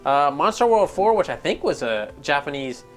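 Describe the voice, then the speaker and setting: A man's voice: fairly high pitch, sing-song, moderate pace, soft background music. A man hosting a gaming news show, giving casual commentary in a profane, exasperated rant.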